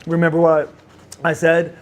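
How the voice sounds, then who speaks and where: A middle-aged former wrestler, appearing as an interview guest, tells stories casually and ramblingly, with lots of fillers and restarts. His voice is on the high side, the delivery completely flat, the pace moderate.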